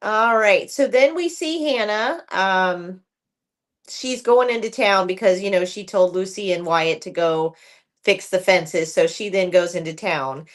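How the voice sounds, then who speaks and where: A woman's voice: medium pitch, measured pace. A woman co-hosting a casual recap chat, retelling scenes with lots of "like" and "um" and acting out characters' lines. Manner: animated retelling, acts out characters' lines, many ums and likes. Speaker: podcast co-host.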